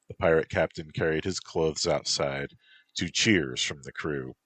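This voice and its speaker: A man narrating a story in a slow, even reading voice. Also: extremely low pitch, slightly rough, no echo.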